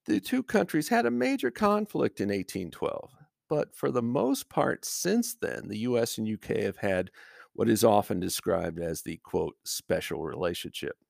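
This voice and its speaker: Dry-voiced older male podcast host, gravelly. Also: fairly low pitch, sing-song, moderate pace, a little mellow, dry recording. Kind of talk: solo podcast commentary.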